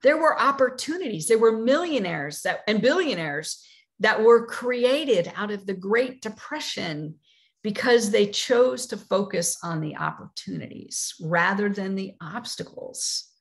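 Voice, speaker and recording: A woman quoting her wise, patient old grandfather as he calmly teaches a lesson in a storytelling talk. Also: medium pitch, measured pace, voice pushed up. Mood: patient, teaching. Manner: calm, questioning, teaching.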